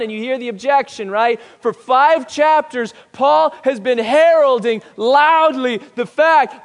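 A male pastor preaching a sermon, swinging between loud emphatic declarations and hushed, quiet lines. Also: extremely high pitch, measured pace, hardly any pauses. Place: church sanctuary. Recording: long reverb of a church hall.

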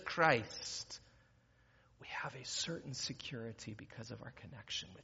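A pastor in a church sanctuary talks conversationally, then climbs into emphatic preaching. His medium-pitched voice is animated, bright, forceful and husky with vocal fry, at a moderate pace, recorded muffled in a reverberant church hall.

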